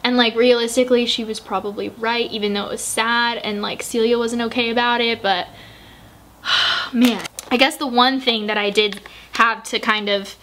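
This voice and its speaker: Young woman book vlogger with a slightly high voice. Casual, gushing and emotional, with frequent swearing. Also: steady tone, normal speed, a bit bright, a little hiss or hum. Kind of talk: casual book review chat.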